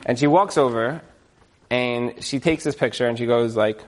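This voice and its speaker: A man speaking to an audience, telling a story in a chatty, animated way with lots of fillers and repeated words. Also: mid-range voice, moderate pace. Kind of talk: lively storytelling talk.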